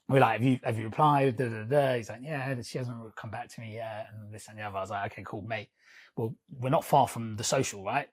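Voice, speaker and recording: Podcast co-host, man, animated storyteller, mid pitch, loose and chatty. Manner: animated storyteller, laughs often, swears casually. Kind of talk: casual storytelling chat.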